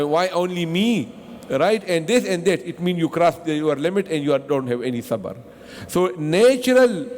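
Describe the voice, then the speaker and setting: A man with a high-pitched voice teaches a religious lesson in a mosque. He speaks non-native English mixed with Arabic terms, poses questions to his listeners and answers them himself, and often circles back over his own words. Faint background noise sits under the recording. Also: a little mellow, big-room sound. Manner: repeats himself and restarts often. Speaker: Quran teacher.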